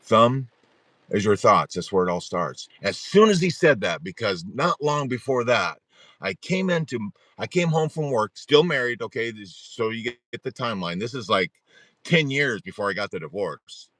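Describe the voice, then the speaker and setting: A middle-aged man of middling pitch tells a story on a live stream. He rambles, doubles back and restarts his sentences as he goes. His voice sounds dry and close, with no room echo. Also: moderate pace. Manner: animated, rambling storyteller who restarts sentences and laughs at himself. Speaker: host of a support group livestream. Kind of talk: casual storytelling on a livestream.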